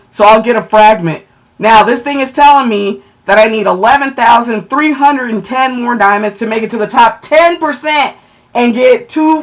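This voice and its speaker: A woman chatting on a livestream, excitable and emotional as she thanks viewers for gifts and checks her ranking. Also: on the high side.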